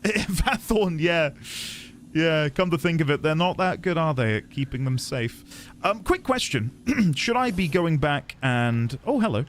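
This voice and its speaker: A man's voice: on the high side, big pitch swings, a little slow, slight background noise. A man streaming a game, musing aloud playfully as he reads notes and explores. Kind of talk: let's-play commentary.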